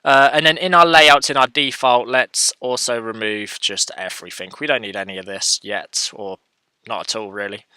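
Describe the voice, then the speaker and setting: Male tutorial host, casual and self-correcting, dry close-mic sound, clear tone. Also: mid-range voice, fairly even intonation, moderate pace, sharp tone, no room sound. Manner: thinks aloud, self-correcting, chatty. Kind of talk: casual screen-share coding tutorial.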